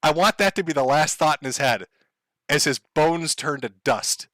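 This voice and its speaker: A bright-toned man rants sardonically on his livestream, swearing freely and breaking into laughter. His voice sits fairly high and sounds dry and close. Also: moderate pace, no room sound. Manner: sardonic, profane, laughs often. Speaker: livestream host. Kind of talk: casual livestream rant.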